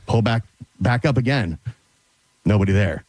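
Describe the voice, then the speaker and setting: A man on a radio show, excitedly retelling a run-in, a bit out of breath. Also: on the low side, moderate pace, dry recording. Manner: excited, retells a confrontation with lively quoted voices. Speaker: show regular. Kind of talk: animated storytelling on a radio show.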